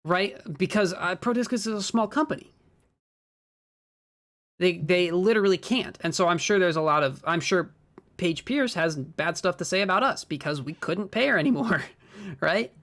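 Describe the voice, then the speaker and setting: A man from Minnesota with a Midwestern American accent, co-commentating a disc golf stream in a chatty, quick way that breaks easily into laughter. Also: sits high, expressive, fairly bright tone. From Minnesota, USA. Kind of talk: casual live-stream commentary.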